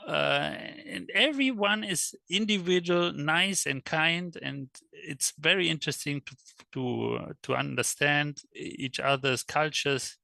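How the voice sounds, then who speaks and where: A man speaking English as a second language in a casual interview, halting and searching for words, at times animated. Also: a little high, gravelly, dry recording. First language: not English. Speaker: guest, electric car world traveler.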